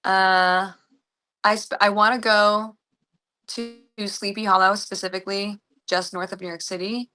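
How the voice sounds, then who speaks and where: Young US actress, casual interview guest, bright voice, rambling and chatty with lots of fillers. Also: female voice, mid-range voice, fairly even intonation, a little slow. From United States.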